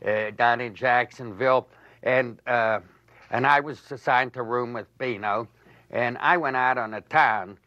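An older man rambles through a funny old story, laughing as he goes. His voice is bright and forceful. The audio sounds dull and lo-fi, like an old broadcast. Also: medium pitch, a little slow, no room sound. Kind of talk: telling an old anecdote.

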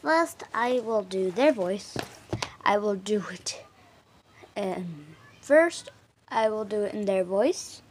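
A woman's voice: medium pitch, lively intonation, slow, pauses often, darkish tone, slight background noise. A woman vlogger in casual chat, rambling with fillers and self-corrections. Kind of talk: casual home video chat.

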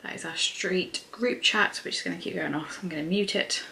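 A woman's voice: lowish voice, fairly quick, creaky, sharp tone, a little hiss or hum. A woman chatting casually to camera at home as a beauty and motherhood vlogger, filling her talk with ums and likes. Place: at home indoors.

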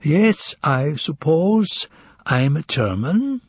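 A man voicing a mysterious foreign male professor, drawn-out and theatrical, with a husky voice. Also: fairly high pitch, very animated, no room sound, pitched above the performer's own voice. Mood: grand. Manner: slow, drawn-out, grandly amused delivery.

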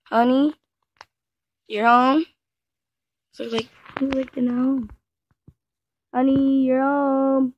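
A woman's voice: high-pitched, level tone, slow pace, long pauses. A woman voicing a rambling man who buys a car. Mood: excited. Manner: rambling, talks to himself, repeats words. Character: easygoing male car buyer with a wife. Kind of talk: game role-play narration. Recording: muffled and noisy, with background clicks.

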